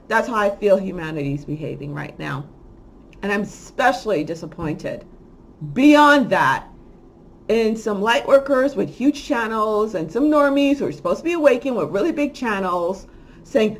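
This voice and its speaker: A woman talking in a casual monologue as host of a spiritual channel, rambling with many restarts, moving from quiet musing to loud, heated ranting. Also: a little high, expressive, moderate pace. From lives in Miami. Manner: rambling with frequent restarts and fillers.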